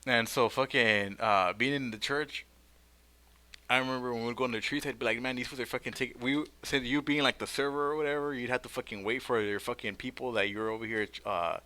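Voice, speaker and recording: A young man tells stories fast on a casual podcast, full of slang and swearing. His voice is bright and edgy, and he shouts mocking quotes of other people. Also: medium pitch. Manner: profane slangy storytelling with loud mocking quotes. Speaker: podcast co-host. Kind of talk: casual storytelling chat.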